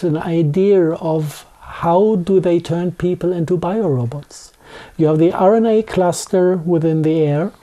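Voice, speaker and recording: Man, German accent, very dark mellow tone; halting interview guest, frequent restarts. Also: on the high side. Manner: halting, with many restarts and fillers. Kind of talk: conversational interview.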